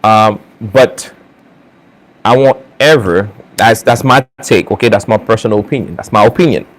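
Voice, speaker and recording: A man with an accent and a slightly low voice talks to his camera in a casual opinion vlog. He speaks earnestly in halting bursts, restarting phrases and filling pauses. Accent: non-native English accent. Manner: halting, many restarts and fillers; earnest, talks straight to viewers. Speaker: channel host.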